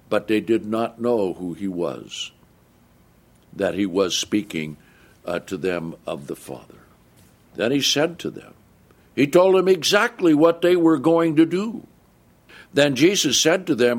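A man preaching a sermon, reading scripture slowly and stressing key words. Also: very animated. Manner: slow, emphatic reading with wide swings in pitch. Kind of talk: sermon, Bible exposition.

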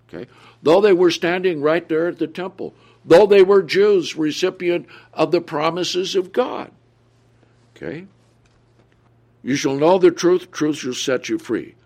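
Slow, emphatic man preaching a sermon. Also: on the high side, darkish tone. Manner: slow, emphatic, asks the audience questions then answers them.

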